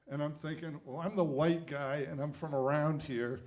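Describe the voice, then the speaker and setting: Man, 60s, New England-raised music exec; animated raconteur, slightly high voice, laughs through it. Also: normal speed. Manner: lively storyteller, chuckles, many "you know" fillers. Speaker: music executive, guest. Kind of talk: storytelling anecdote.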